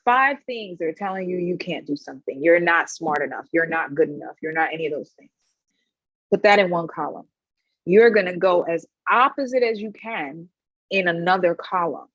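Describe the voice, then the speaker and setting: A woman wellness practitioner giving advice in a panel conversation, telling animated stories and often checking in with "right?". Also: lowish voice, normal speed, no room sound, highs cut off. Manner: animated storyteller, frequent "right?" tag questions.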